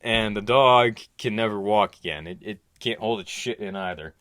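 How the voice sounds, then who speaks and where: A man's voice: lowish voice, normal speed, fairly bright tone, no room sound, studio quality, lightly acted. A man voicing a stern judge reading charges in a formal tone.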